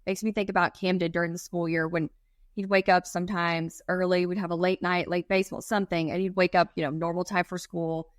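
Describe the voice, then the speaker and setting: A woman's voice: lowish voice, little pitch movement, fairly quick, dry recording, clean studio sound. A woman in her thirties co-hosting a podcast, talking in a casual, rambling way with many fillers. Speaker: podcast co-host.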